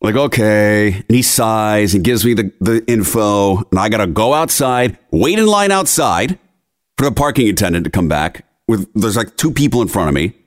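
With a lowish, lively voice at moderate pace, a young male podcast host from near Philadelphia vents through an exasperated story. The chat stays casual throughout.

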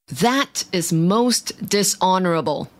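A regal old king from a bedtime storybook, as a woman reads him, commanding and quick to anger. He speaks at an unhurried pace, with lines that sound formal and weighty. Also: fairly low pitch, expressive. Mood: disapproving.

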